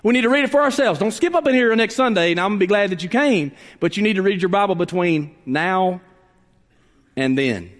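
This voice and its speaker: Guy preaching, kinda high voice, big swings from loud to hushed, churchy echo. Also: expressive, brisk. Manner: preaching with dramatic drops to a hush and rising emphasis. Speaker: pastor. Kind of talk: sermon. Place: church sanctuary. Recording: reverberant church hall.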